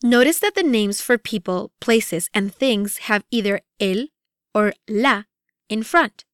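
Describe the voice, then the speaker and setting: A woman reading a scripted language course with a deliberate, evenly paced teaching delivery. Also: mid-range voice, expressive, clear, resonant tone, dry recording, clean studio sound. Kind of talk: scripted instructional narration.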